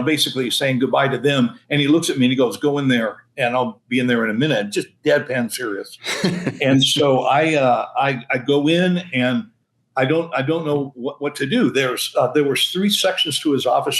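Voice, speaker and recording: A man's voice: medium pitch, moderate pace, low-quality recording. Man in his sixties telling a story, chuckling. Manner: animated storyteller, chuckling, many restarts. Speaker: senior pastor. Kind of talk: storytelling in a podcast interview.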